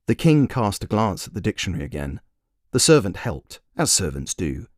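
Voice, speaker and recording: A man's voice: sits low, expressive, moderate pace, darkish tone, dry recording, studio quality. A man narrating a fairy tale he wrote, in a wry, playful storytelling manner. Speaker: storyteller and author.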